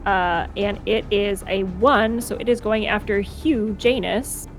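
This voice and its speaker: A young woman runs a tabletop game as dungeon master, her voice sitting at an ordinary middle pitch. She narrates the action and explains rules by thinking aloud, with faint music playing behind her. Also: fairly even intonation, a little slow.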